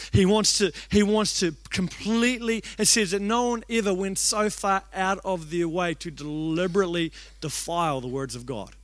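Excitable young New preacher, high voice. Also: male voice, no echo. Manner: excitable, fast-talking, shouts out quoted lines. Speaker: youth pastor. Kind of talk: energetic sermon storytelling. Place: church hall.

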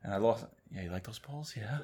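A man's voice: fairly low pitch, lively intonation, fairly quick, mellow, slightly rough. A man co-hosting a podcast in casual chat, chatty and teasing, saying "dude" a lot. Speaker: podcast co-host.

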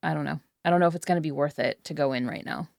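A woman's voice: sits low, very fast, gravelly, a little mellow, no room sound, studio quality. A woman playing a tabletop game, talking casually and hesitantly with lots of hedging. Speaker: player.

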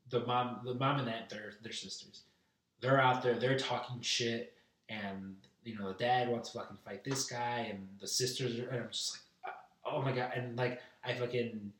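A man's voice: mid-range voice, pushed and bright. A young man telling a rambling, profane story in casual chat, heard from a distance in a room. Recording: roomy, distant mic.

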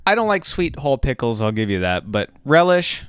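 A man co-hosting a podcast, loud in his opinions and quick to swear and joke. His pitch swings widely as he talks. The sound is dry and close, with no room around it. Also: clean tone, dry recording. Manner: profane, animated, quick to joke. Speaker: podcast co-host. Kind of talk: casual chat.

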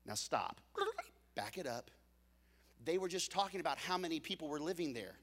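A man preaches a sermon in a high, lively voice. He tells the story with playful asides to the congregation. His delivery swings from loud, punchy peaks to soft, hushed lows. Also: normal speed, big-room sound. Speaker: pastor.

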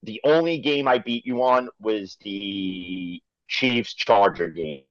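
A man's voice: on the low side, slow pace, no echo. A man co-hosting a casual sports podcast, talking bluntly with lots of swearing and telling stories. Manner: profane, blunt storyteller. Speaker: podcast co-host. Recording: dry, dull lo-fi audio.

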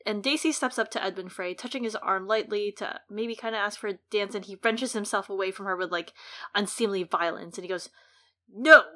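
A woman's voice: medium pitch, brisk, fairly bright tone. A woman on a book podcast retelling a scene and acting out the characters' lines. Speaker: podcast co-host. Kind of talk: casual book discussion.

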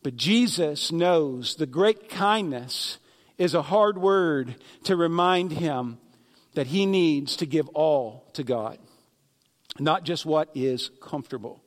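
A man's voice: on the high side, slow pace, big-room sound. A man pastor delivering a sermon in a conversational preaching manner, with sarcastic asides, in a church sanctuary.

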